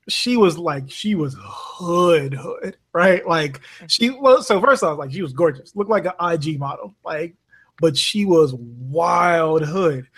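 A man raised in Bermuda, a podcast guest and rideshare driver, telling stories in casual chat, swearing freely and acting out the people he quotes. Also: fairly high pitch. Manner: animated storyteller, swears freely, acts out quoted voices.

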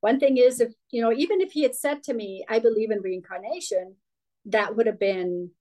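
A woman's voice: on the high side, expressive, brisk, a little mellow, low-quality recording. A middle-aged woman from Denmark, a guest telling her life story in an interview, candid and rambling with restarts. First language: Danish.

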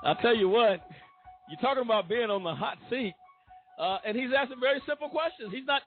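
A man hosting a talk radio show who reads out articles in a measured way. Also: very high voice, narrow, tinny audio, soft background music. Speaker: radio host.

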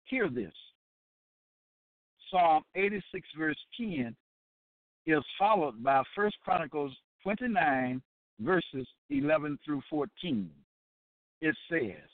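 A man teaching from scripture in a slightly high voice, heard through a thin, tinny line with no room sound. He talks slowly and repeats himself, with many fillers, and keeps asking if the listener is following. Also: lively intonation, no room sound. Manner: deliberate and repetitive, with many fillers and check-ins. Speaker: Bible teacher. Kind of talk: sermon-style Bible lesson. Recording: tinny phone-like line, dry.

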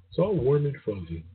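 A man hosts a radio show, bantering in a relaxed way with a guest and laughing often in casual chat. His voice is mid-range, with background noise on tinny, phone-like audio.

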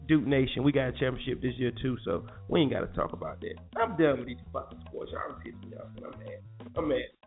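With a mid-range, expressive, creaky voice and a quick pace, a man hosting a morning show launches into a casual sports rant that's heated, profane, and repetitive. The recording is tinny and phone-like, with faint music in the background.

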